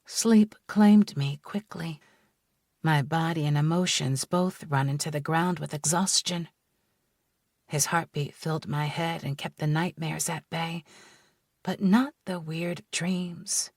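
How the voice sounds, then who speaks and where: Slow, low-voiced woman narrating a romance. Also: fairly even intonation, darkish tone, dry recording, clean studio sound. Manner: measured, unhurried storytelling. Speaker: audiobook narrator. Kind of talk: first-person romance narration.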